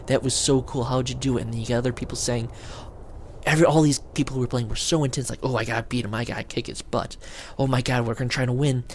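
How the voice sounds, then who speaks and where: A man talking casually to his camera, rambling and excited as he acts out what his friends said. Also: medium pitch, fast talker, a little hiss or hum. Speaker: video blogger.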